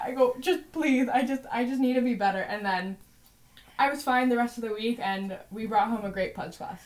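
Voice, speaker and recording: A woman's voice: fairly high pitch, fairly quick. A young woman in her twenties, a podcast co-host, telling a story in a chatty way, full of "like" and "you know". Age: 20s. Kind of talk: casual storytelling.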